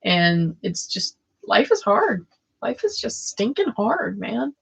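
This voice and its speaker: Gravelly, giggly woman reading tarot live. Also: mid-range voice, sing-song, takes it slowly, a bit bright. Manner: giggly, playful, often breaks into laughter. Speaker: live-stream tarot reader. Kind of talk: casual live-stream chat with tarot reading.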